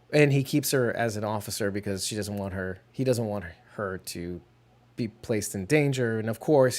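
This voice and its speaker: A man co-hosting a podcast in casual chat, joking and rambling, with frequent laughs. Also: mid-range voice. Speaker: podcast co-host.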